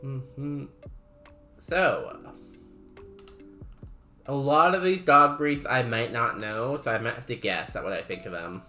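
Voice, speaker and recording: A man streaming a game, chatting casually and musing aloud in a wry, unhurried way. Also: medium pitch, bright, forceful tone, faint music behind. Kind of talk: casual livestream chat.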